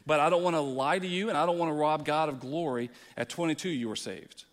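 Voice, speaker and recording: Guy preaching a sermon, fairly high voice, big church reverb, gets loud then soft. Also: fast. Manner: impassioned preaching, swings from quiet to loud. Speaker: pastor. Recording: long hall reverb.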